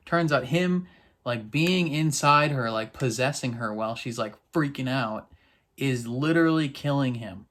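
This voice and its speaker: A man casually recapping and reacting to a TV episode, talking in a loose, rambling, excitable way. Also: mid-range voice, a little slow.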